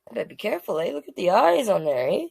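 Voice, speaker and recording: Playful storytime host. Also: female voice, medium pitch, gravelly, darkish tone, slightly rough, no echo. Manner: chatty and playful, greeting viewers by name. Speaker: drag king storyteller reading to children. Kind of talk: casual live-stream storytime.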